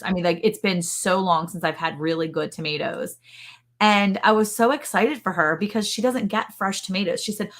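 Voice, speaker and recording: A woman hosting a casual livestream chat, telling stories in a chatty, animated way. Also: mid-range voice, a little fast. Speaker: podcast host.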